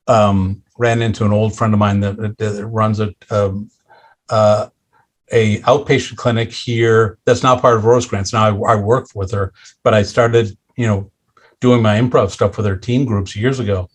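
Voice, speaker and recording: A middle-aged man, a podcast guest, candidly telling stories about his own life with self-deprecating humor and animated delivery. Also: fairly low pitch, moderate pace. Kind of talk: candid interview storytelling.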